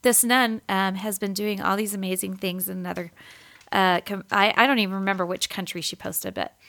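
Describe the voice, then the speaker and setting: A woman's voice: medium pitch, steady tone, a little fast, fairly bright tone. A woman co-hosting a podcast in casual chat, laughing often and rambling, a bit short of breath after an infection. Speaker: podcast co-host.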